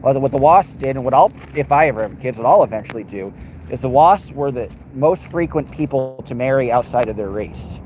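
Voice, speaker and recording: A man's voice: mid-range voice, expressive, fairly quick, a little mellow, a little hiss or hum. An American man hosting a livestream, reading and answering chat in a crude, sarcastic, rambling way. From United States.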